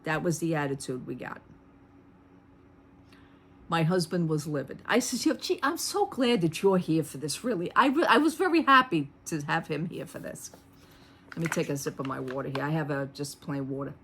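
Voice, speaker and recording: A middle-aged woman with a fairly low voice tells a shopping story in a chatty, animated way. Her asides are dry and sarcastic, and faint room noise sits under her voice. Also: moderate pace. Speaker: vlogger. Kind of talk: casual storytime vlog.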